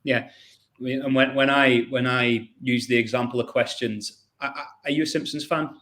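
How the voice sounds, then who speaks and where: A man's voice: medium pitch, fairly even intonation, moderate pace, fairly bright tone. A man hosting a podcast in a casual, chatty way, often restarting and repeating words. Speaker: podcast host.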